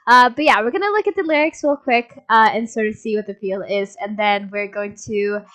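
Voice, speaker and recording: A woman hosting a reaction video, chatting casually and gushing with excitement, swearing now and then and rambling a bit. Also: mid-range voice, fairly quick, low-quality recording. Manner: rambling with many fillers and restarts.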